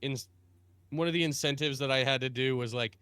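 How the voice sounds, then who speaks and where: A man chats on a call in an animated way, laughing often and slipping into put-on voices. His voice is bright and forceful, with smooth, crisp clarity. The sound is dry and close. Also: medium pitch, fairly quick, no room sound. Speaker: guest streamer. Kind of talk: casual chat.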